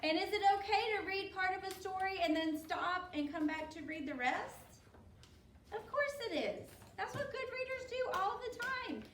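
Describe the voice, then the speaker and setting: A woman's voice: very high-pitched, expressive, moderate pace, fairly bright tone, a little hiss or hum. A woman teacher reading a picture book to children, encouraging and asking pupils questions by name. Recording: roomy, distant mic.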